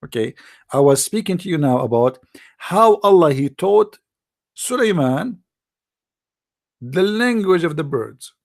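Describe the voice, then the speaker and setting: A man playing a gravelly, boastful mock preacher. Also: a little high, expressive, measured pace, long pauses, a little mellow. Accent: Arabic. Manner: rambling, boastful, mock-solemn. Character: mock-pompous self-styled male preacher, middle-aged. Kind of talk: satirical livestream monologue.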